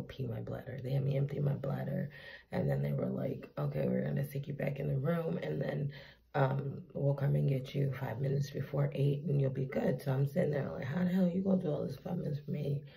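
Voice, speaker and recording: A woman's voice: very deep voice, normal speed, creaky. A tired, teary woman telling a candid, profane story to her camera in a casual vlog. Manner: candid, profane, animated retelling. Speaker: vlogger.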